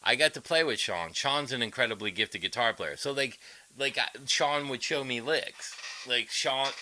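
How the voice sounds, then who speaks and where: On a low-quality recording, a male guitarist with a bright, forceful, mid-range voice and lively intonation chats casually on a livestream at a moderate pace. He rambles, greets viewers, and shows off licks.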